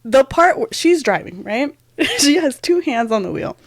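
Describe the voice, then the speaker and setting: A woman's voice: high voice, sing-song, normal speed, no echo, clean studio sound. A woman in her thirties, co-hosting a podcast, telling a story in casual chat and laughing often. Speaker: podcast co-host.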